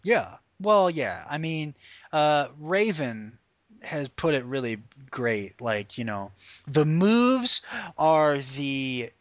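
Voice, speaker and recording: Opinionated male podcast host, profane and animated, slightly high voice, dry sound. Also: slow, no echo. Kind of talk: casual podcast rant about wrestling.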